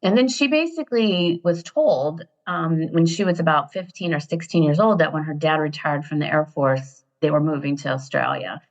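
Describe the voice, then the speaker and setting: Fifties American woman, interview guest; low, husky-fried timbre; lively rambling anecdotes; lo-fi recording. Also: moderate pace, hardly any pauses. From Ohio, USA. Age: 50s. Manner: animated, digressive storyteller who laughs often. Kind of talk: casual storytelling interview. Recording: dull lo-fi sound.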